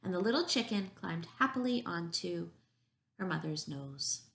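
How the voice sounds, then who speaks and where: A woman reading a picture book aloud at a children's story time as a preschool teacher, gentle and encouraging. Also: lowish voice, expressive, normal speed, creaky.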